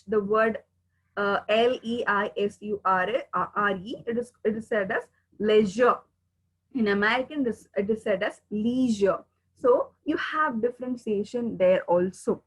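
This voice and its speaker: An Indian woman with an Indian English accent gives an online English pronunciation lesson in a slightly high, husky voice. She explains patiently and repeats each example word, spelling some out letter by letter. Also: rough recording. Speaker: English teacher.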